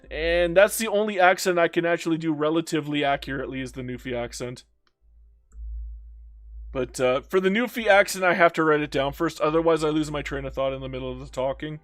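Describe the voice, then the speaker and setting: A man's voice: a little high, a little fast. A young Canadian man commenting playfully on a strategy game, reading chat and mock-scolding the game. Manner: playful, theatrical, talks to the game. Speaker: gaming YouTuber. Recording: faint background music.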